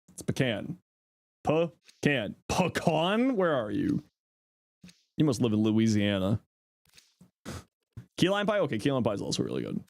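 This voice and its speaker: A man's voice: medium pitch, gravelly, dry recording. A middle-aged man chatting casually on his livestream, answering chat in a playful, teasing way and laughing often.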